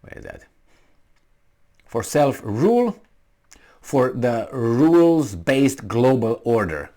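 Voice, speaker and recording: Sarcastic man with a lively voice. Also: medium pitch, takes it slowly. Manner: sarcastic, mocking, talks to viewers as friends. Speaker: political commentator. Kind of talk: sarcastic vlog commentary.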